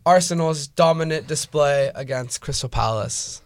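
A young man co-hosting a podcast in casual chat, excitable and slangy, often cutting in. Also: on the high side. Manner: excitable, slangy, quick to cut in. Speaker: podcast co-host.

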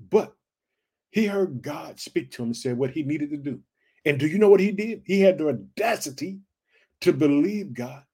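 A man's voice: on the high side, darkish tone, husky. A man preaching a fervent sermon, repeating phrases and calling out to his listeners as family. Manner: fervent, repetitive call-and-response preaching.

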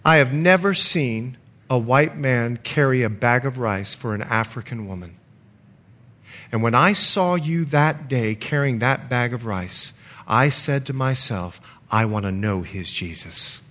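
A man's voice: medium pitch, measured pace. A middle-aged man preaching a sermon as pastor, telling stories with acted-out quotes. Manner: storytelling with lively acted quotes.

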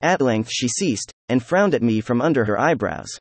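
A man narrating a novel chapter as an audiobook, in a steady, even-paced read. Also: medium pitch, normal speed, breathy edge, no room sound. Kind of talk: scripted narration.

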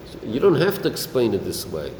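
Brisk and medium-pitched, a man's voice swoops wildly up and down as he teaches a Talmudic-style lesson in a study hall. The Torah teacher asks his students questions and mixes in Yiddish and Hebrew terms, in an echoey room with a faint air-conditioning hum.

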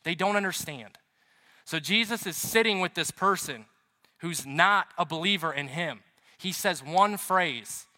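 A man's voice: fairly high pitch, lively intonation, unhurried, sharp tone. A man preaching a sermon as pastor, chatty and storytelling, with emphatic repetition. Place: church. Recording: reverberant hall.

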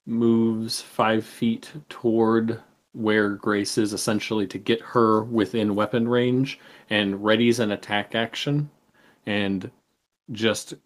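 A man acting as game master, calmly narrating turns and explaining rules of a tabletop game. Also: on the low side. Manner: measured, explains rules with fillers.

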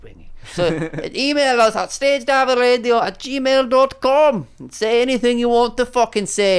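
A man's voice: high-pitched, clean tone. A man hosting a comedy podcast, talking in a crude, profane and boastful way. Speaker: podcast host. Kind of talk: casual comedy podcast chat.

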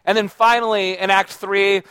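A man giving an informal talk to a live audience, speaking conversationally with plenty of fillers and restarts, and pausing to ask the audience questions. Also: high-pitched, little pitch movement, sharp tone, clean tone, dry recording. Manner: checks in with the audience by asking questions. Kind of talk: informal lecture.

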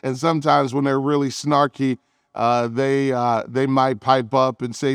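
A man preaching a sermon as pastor. He talks earnestly, speeds up and slows down for emphasis, and reads scripture aloud. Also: medium pitch, fairly even intonation, smooth, dry recording, studio quality.

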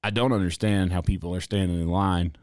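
A man's voice: low-pitched, steady tone, brisk, a little mellow, no echo, clean studio sound. A young man streaming, ranting casually and sarcastically with plenty of swearing. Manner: sarcastic, swears freely, drawling asides. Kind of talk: casual profane rant.

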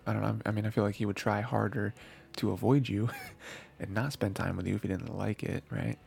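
A man's voice: lowish voice, steady tone, a little fast, darkish tone. A man hosting an anime podcast, recapping episodes in a rambling casual chat with many fillers and restarts. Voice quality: gravelly, husky.

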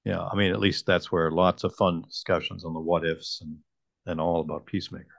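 Deep-voiced man musing over theories. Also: level tone, a little fast, gravelly, no room sound, lo-fi sound. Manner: reflective, analytical theorizing. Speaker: podcast co-host. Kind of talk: casual episode discussion.

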